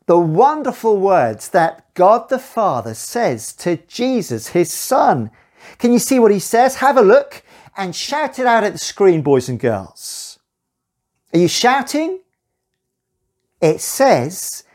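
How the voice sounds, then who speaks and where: A woman's voice: fairly low pitch, very animated, takes it slowly, darkish tone. A woman giving a children's Bible talk in church, speaking expressively to the children who are listening.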